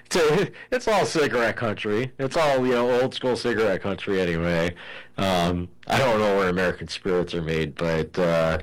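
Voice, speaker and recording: Low-pitched male host, rambling casual sports talk, heavy on fillers. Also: normal speed, low-quality recording. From Ohio. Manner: rambling, lots of "you know" fillers. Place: home in Arizona.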